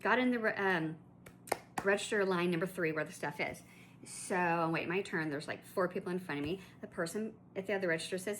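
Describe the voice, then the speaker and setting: A woman's voice: lowish voice, a little fast, a bit bright, a little hiss or hum. A woman vlogger telling a shopping story in a chatty, indignant way, full of asides and restarts. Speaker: collector vlogger. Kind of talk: casual ranting storytelling.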